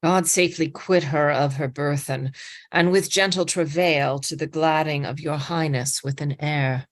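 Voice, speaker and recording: A woman reading the part of a courteous duke in an amateur Shakespeare reading, speaking the verse in a measured way. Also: low voice, steady tone. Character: courteous duke, gracious companion to the king. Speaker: reader in a play reading.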